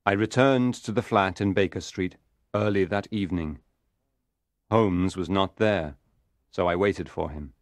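A man narrating an audiobook in a calm, measured storytelling voice. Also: sits low, dry recording.

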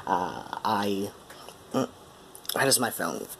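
Young guy w a transatlantic accent, low voice, tired and hesitant, lots of ums, casual vlog intro. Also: very animated, vocal fry, a bit bright, a little hiss or hum. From Ohio, USA. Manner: hesitant, full of ums and pauses. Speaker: musician.

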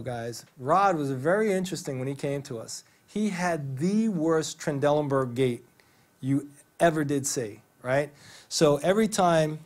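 A man presenting a physical therapy training to an audience in a theater, conversational and enthusiastic, telling stories with quoted dialogue. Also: fairly high pitch. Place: theater stage.

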